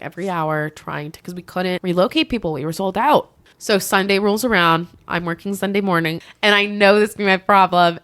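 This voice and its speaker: A woman hosting a podcast tells a story in a relaxed way, slipping into the voices of the people she quotes. Her voice sits a bit low. The sound is close and dry, with no room echo. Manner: animated, acts out quoted voices. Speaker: podcast host. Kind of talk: casual storytelling.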